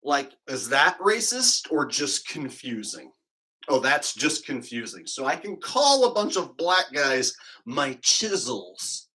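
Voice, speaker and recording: A man's voice: mid-range voice, big pitch swings, measured pace, sharp tone, rough recording. A man hosting a livestream, hyping the chat with chanted crowd calls and rambling into comic rants. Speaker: livestream host.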